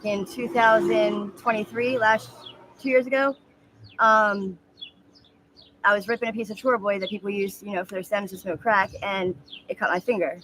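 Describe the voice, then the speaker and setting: A woman in her mid-thirties speaking frankly in a street interview, halting with many ums and likes. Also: medium pitch, fairly even intonation, fairly bright tone, a little hiss or hum. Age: 30s.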